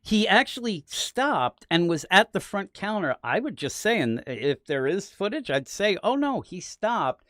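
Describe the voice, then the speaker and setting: A man's voice: sits high, a little slow, hardly any pauses, no echo, clean studio sound. A middle-aged man hosting a casual comic book review podcast, retelling scenes with acted snippets. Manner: animated, acts out scenes in voices. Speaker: podcast host.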